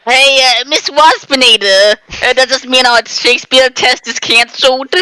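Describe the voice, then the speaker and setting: A man putting on a squeaky eager schoolgirl. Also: fairly even intonation, moderate pace, bright, forceful tone, clear, resonant tone, dry recording, heavily acted, rough recording. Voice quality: high, squeaky put-on voice.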